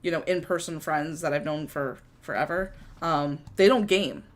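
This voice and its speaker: A woman co-hosting a podcast in casual chat, chatty and quick to react, with casual swearing. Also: low-pitched. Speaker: podcast co-host and streamer.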